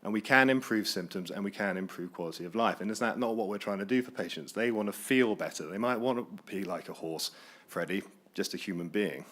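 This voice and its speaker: A man with a fairly low voice argues his case in a conference debate. He is energetic and persuasive, with punchy questions and answers. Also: fairly quick. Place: conference hall.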